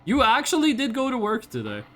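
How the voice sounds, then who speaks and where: Lively woman streamer. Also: a little high, fairly quick. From Norway. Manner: animated, blunt, swears freely, laughs often. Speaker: VTuber streamer. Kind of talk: casual live-stream chat, reading chat.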